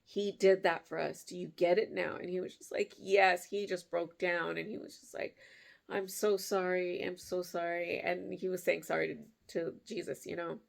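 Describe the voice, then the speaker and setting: A woman's voice: lowish voice, level tone, normal speed, creaky. A woman in her thirties hosting her crafting channel, chatting casually and telling a heartfelt family story with laughs. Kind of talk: casual vlog chat.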